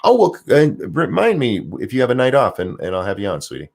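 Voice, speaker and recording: A man's voice: fast talker, creaky. A man hosting a casual livestream, reading viewer comments with sarcastic asides. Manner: animated, sarcastic, jumps high in pitch for jokes. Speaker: stream host.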